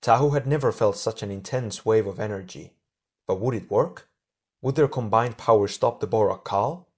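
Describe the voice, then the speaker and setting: A man narrating an audiobook chapter in a steady storytelling manner. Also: on the low side, moderate pace, husky. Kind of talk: scripted narration.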